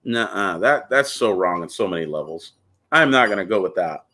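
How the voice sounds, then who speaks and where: A man's voice: low-pitched, expressive, normal speed, pushed and bright. A man hosting a casual talk show, speaking bluntly and ranting, often calling the listener "dude.". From California. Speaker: podcast host.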